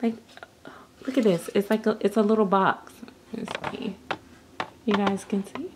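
Giggly, excited woman unboxing on a slow vlog. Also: medium pitch, background noise. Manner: excited, giggly, breathless gasps. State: nervous and jittery. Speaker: vlogger.

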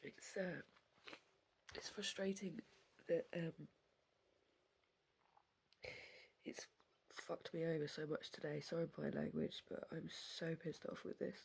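A woman crying through a personal vlog, halting and apologetic, often breaking into a whisper. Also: low-pitched, fairly even intonation, creaky, a little mellow, husky. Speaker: vlogger.

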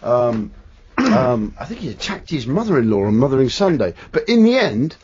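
Husky radio host, lively storyteller. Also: male voice, mid-range voice, normal speed. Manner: rambling anecdotal storyteller, mimics sounds and voices. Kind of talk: casual chat. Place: radio studio. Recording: dull radio broadcast audio.

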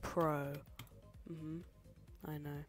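Casual young female game streamer, low voice, drawn-out exasperated reactions. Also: little pitch movement, soft background music. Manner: reactive, exasperated, chatting with viewers. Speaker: streamer playing level requests. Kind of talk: casual live-stream commentary.

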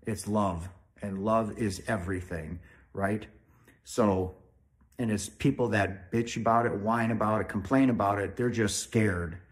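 A man hosting his own spiritual video, talking in an emphatic, preachy way and often checking in with "right?". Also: on the low side. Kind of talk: informal spiritual talk to camera.

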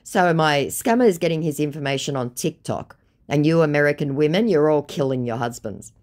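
Australian woman, blunt and mocking; lowish voice, very animated delivery. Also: brisk. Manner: blunt, sarcastic. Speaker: scambaiter sharing chats. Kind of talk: reading chats aloud with commentary.

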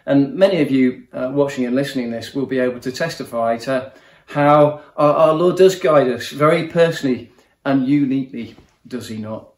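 A man gives an earnest sermon in a warm, personal manner. His voice sits at a middle pitch, and the recording carries a noticeable room echo around him. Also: normal speed. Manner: earnest, personal, repeats words while speaking. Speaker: guest preacher.

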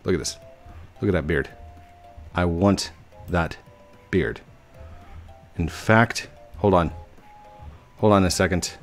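Low-voiced man rambling over gameplay. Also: slow pace, pauses often, faint music behind. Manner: rambling, many fillers and restarts. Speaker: gaming video host. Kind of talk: casual gameplay commentary.

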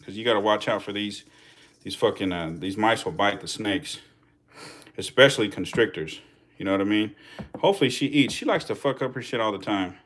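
A young man, giving loud, profane, laughing commentary as a channel host on a casual live stream. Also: fairly low pitch, a little fast. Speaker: channel host feeding snakes.

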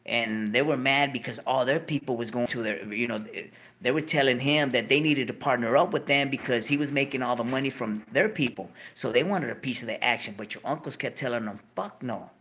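A man hosting a show, telling a long profane story and breaking into high yelps of disbelief. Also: a little fast, fairly bright tone. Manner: swears constantly, bursts into high yelps of disbelief. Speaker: show host.

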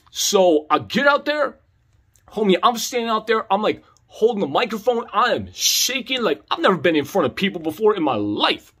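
A young man spins a comedic tale in loose slang, tossing in homie and dog. His voice sits high for a man and jumps all over the place. The tone is a bit husky. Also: very animated, fairly quick, a bit bright. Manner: laid-back slangy delivery, calls listener homie and dog. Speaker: comedic storyteller. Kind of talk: comedic storytelling monologue.

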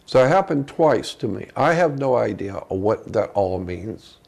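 Gravelly man telling a story. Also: on the low side, animated, darkish tone. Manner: earnest, halting storytelling with frequent restarts. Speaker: interview guest. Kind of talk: recounting a personal story in conversation.

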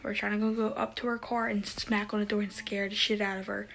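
A woman's voice: medium pitch, little pitch movement, fast, gravelly, fairly bright tone, a little hiss or hum. A woman vlogging in a casual, giggly and teasing way. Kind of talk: casual vlog chat.

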